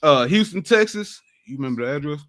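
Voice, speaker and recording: A man reading out announcements to a religious class in a brisk, list-like way. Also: on the high side, animated, fairly bright tone.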